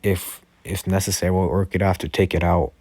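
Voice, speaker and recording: A man voicing a calm, persuasive male head of a school and defense force, in a low-key, hesitant way with many fillers. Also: fairly quick, slightly rough, no echo. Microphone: Discord voice chat.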